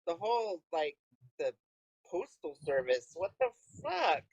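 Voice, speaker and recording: A woman's voice: lowish voice, sing-song, measured pace, a little mellow, highs cut off, a little hiss or hum. A tipsy woman co-hosting a podcast in casual chat, playful and swearing freely. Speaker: podcast co-host.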